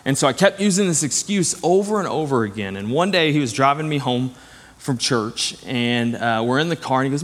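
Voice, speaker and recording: A man's voice: mid-range voice, lively intonation, fairly quick. A middle-aged man preaching a conversational sermon to his church, earnest and direct, weaving in personal stories. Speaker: pastor. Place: church sanctuary. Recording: long church hall reverb.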